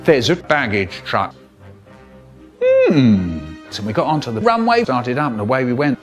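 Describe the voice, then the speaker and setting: A man's voice: mid-range voice, huge pitch swings, a little slow, music in the background. A man narrating an absurd comedic story in a jumpy way, now and then breaking into silly voices.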